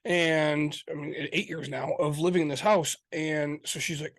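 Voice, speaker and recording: A man's voice: on the high side, fairly even intonation, normal speed, few pauses. A man co-hosting a podcast in casual chat, telling stories animatedly and swearing often. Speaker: podcast co-host.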